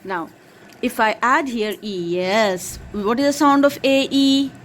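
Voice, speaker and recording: A woman with a fairly high voice patiently drills her young child on phonics, slowly spelling out letters one at a time and praising every answer. There's a little background noise.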